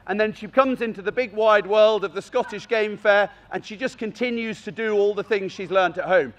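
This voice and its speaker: A man with a high voice talks a crowd through a gundog training demonstration at an outdoor fair. He speaks in an expressive, animated way and slips into playful calls to the dogs. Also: dull audio. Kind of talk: live demonstration commentary to an audience. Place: outdoor country fair arena.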